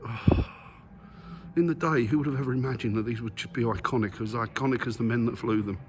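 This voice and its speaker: A vlogger with a mid-range voice talks quickly and chattily to his viewers while walking the museum grounds and aircraft halls, camera in hand, clearly excited. There's a lot of ambient noise around him.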